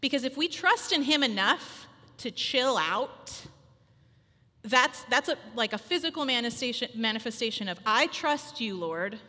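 A woman in her thirties giving a chatty, animated sermon full of personal stories, acting out little quotes. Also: on the high side, moderate pace. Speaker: speaker at a women's church gathering. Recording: long hall reverb.

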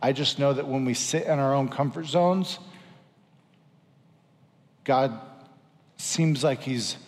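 A man's voice: medium pitch, slow, in a large hall. A man preaching a sermon as pastor, earnest and exhorting, repeating lines for emphasis.

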